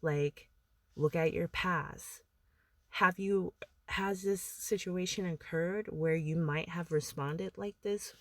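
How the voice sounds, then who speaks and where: A woman's voice: lowish voice, slow pace, no echo. A woman giving casual motivational advice to camera, rambling and full of "like", with laughs between thoughts. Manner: rambling, filler-heavy, frequent "like". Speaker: motivational vlogger.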